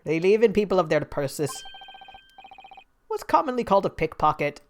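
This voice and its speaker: A woman's voice: fairly low pitch, very animated, normal speed, slight background noise. A woman voicing a cheeky teenage girl pickpocket in a game, brash and full of street slang. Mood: sly.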